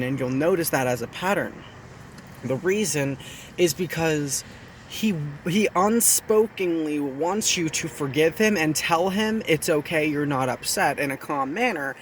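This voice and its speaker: Man, fairly high voice, chatty, self-mocking, casual talk to camera, faint traffic behind. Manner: chatty, self-mocking, explains with repeated phrases. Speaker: video host.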